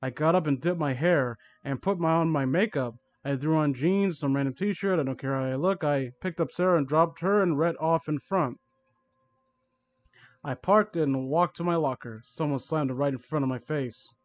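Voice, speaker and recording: A man's voice: fairly high pitch, normal speed, dull audio. Young man reading aloud with sarcastic asides. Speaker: host reading a fan story aloud. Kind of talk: comedic dramatic reading with commentary.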